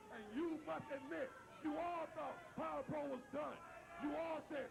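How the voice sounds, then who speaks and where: A man's voice: extremely high pitch, steady tone, moderate pace, vocal fry, music in the background. A man cutting a brash wrestling promo in a TV studio, repeating himself and taunting the crowd. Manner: brash, repetitive trash talk.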